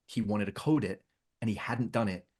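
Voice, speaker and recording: A middle-aged man, a podcast guest, telling a story in a casual, animated way, often restarting and repeating words. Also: on the low side, moderate pace.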